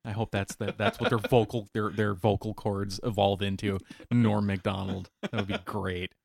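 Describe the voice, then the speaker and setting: A man co-hosting a casual chat, playful and quick to joke, in a small room. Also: lowish voice, creaky, no room sound, studio quality. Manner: playful, animated storytelling with laughs. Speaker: podcast co-host.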